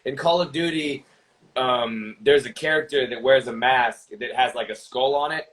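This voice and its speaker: A young man chats casually as a podcast guest, telling stories about his streaming work. His voice sits at an ordinary middle pitch. He rambles and restarts sentences often. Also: normal speed, a bit bright, low-quality recording. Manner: rambling, lots of fillers and restarts.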